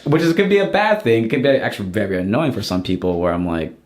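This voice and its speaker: Man, young adult, low voice, rambling casual podcast chat, lots of restarts. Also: expressive, fast, a little mellow. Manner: chatty, rambling with many restarts. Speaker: podcast guest, artist.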